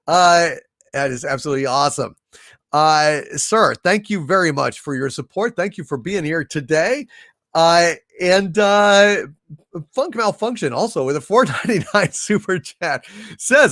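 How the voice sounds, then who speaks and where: A male livestream host reading out viewer messages in a lively, exclamatory way, often breaking into disbelieving outbursts. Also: a little high, unhurried, no room sound, studio quality.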